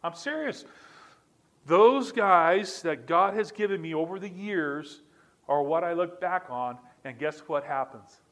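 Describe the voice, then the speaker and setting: A man's voice: a little high, a bit bright. A middle-aged male pastor preaching a sermon in an earnest way, repeating key lines for emphasis.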